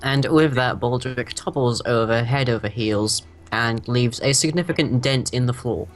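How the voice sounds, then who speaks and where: A man running a tabletop game as game master, narrating in a dramatic, measured way. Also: mid-range voice, faint music behind.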